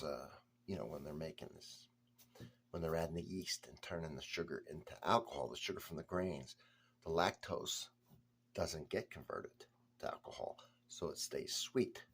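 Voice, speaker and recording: Man, beer reviewer on a casual vlog: low, husky voice, chatty, blunt, talks straight to camera.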